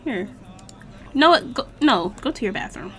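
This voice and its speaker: Young female streamer, talkative and expressive, a bit higher-pitched, relaxed game commentary. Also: a little slow, a little hiss or hum. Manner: chatty and slangy, reacting loudly to the game. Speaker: gaming channel host. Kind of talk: casual let's-play commentary.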